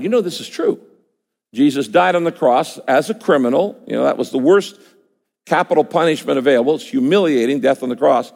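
A man's voice: a little high, animated, brisk, creaky, a little mellow. A man preaching a sermon, emphatic and conversational, often acting out his listeners' imagined words. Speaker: pastor. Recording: long hall reverb.

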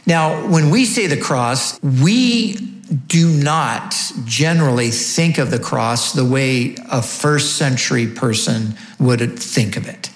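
A man's voice: mid-range voice, lively intonation, slow, roomy sound. A man preaching a sermon, teaching emphatically and asking rhetorical questions. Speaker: pastor.

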